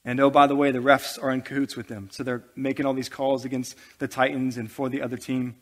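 A man's voice: medium pitch, level tone, fast, a bit bright. A male pastor preaching a sermon to his church, building intensity with humorous asides.

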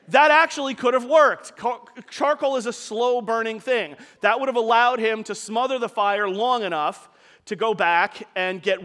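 A man's voice: high-pitched, a bit bright, in a large hall. A man preaching a sermon, telling a story in a conversational way with casual asides to the congregation.

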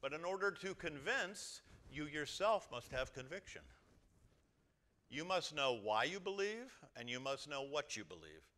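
A pastor preaches to his congregation in a church. His voice sits a little high and has a bright, forceful edge. He swings widely in pitch and loudness, dropping to quiet asides before rising to loud exhortation. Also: big pitch swings, measured pace. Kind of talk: sermon.

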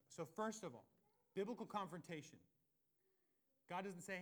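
Male pastor, 30s, animated sermon delivery, slightly high-pitched, acts out voices with big loud-to-soft swings. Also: normal speed.

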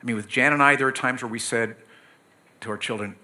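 A middle-aged man preaching from the pulpit in an earnest, pleading way. His voice is bright and forceful, with pitch in an ordinary middle range. He presses his points with sudden emphatic bursts. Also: fast talker. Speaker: pastor. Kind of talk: sermon.

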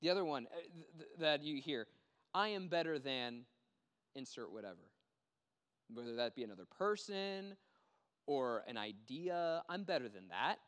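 Male pastor, conversational sermon delivery, slightly high voice, hall echo. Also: normal speed, clean tone. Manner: conversational preaching with animated quoted voices.

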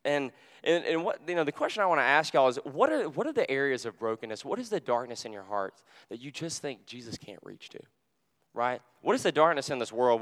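A young man preaching a sermon in a conversational, animated way, full of fillers, and dropping to a hush for quoted words. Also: medium pitch, clear, resonant tone. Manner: drops to a hushed voice when quoting Jesus.

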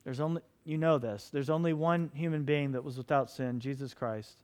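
A man's voice: medium pitch, fairly even intonation, moderate pace, darkish tone. A middle-aged man preaching a sermon as pastor, impassioned and pleading with his listeners.

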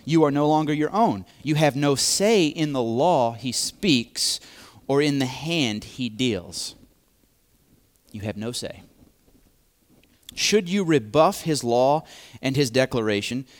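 A man preaching a sermon, speaking deliberately and repeating key phrases for emphasis. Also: mid-range voice, animated.

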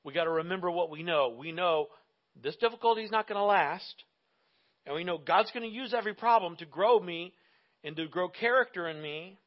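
A man preaching a sermon in an animated, jokey, emphatic way, often laughing. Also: sits high, lo-fi sound. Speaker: pastor.

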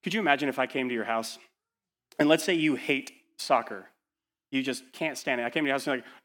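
A man pastor preaching a sermon in a church, urgent and full of rhetorical questions, dropping to hushed lines and rising to loud ones. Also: medium pitch, fast.

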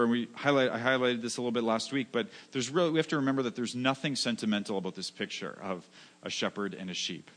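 Male pastor, sermon, mid-pitched voice, earnest, restarts phrases, rhetorical questions. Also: a bit bright. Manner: earnest, repetitive, many restarts and rhetorical "right?".

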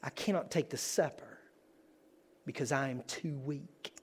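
A man's voice: mid-range voice, measured pace, slightly rough. A man voicing a timid, ashamed churchwoman. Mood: pleading. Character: timid adult woman, fragile and ashamed.

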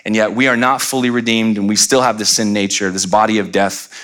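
A man's voice: on the low side, fairly even intonation, fairly quick, a bit bright. A middle-aged man preaching a sermon as pastor, conversational and playful, acting out little quoted voices.

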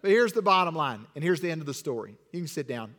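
A man teaching children a Bible lesson, acting out the story and directing the kids with quick, repeated commands. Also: on the high side, big pitch swings, a bit bright. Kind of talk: interactive acted-out Bible lesson. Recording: long hall reverb.

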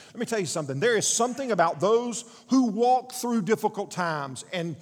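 Male pastor, slightly high voice, sermon with building emphasis; hall reverb. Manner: reads scripture aloud with rising emphasis, asks the congregation questions.

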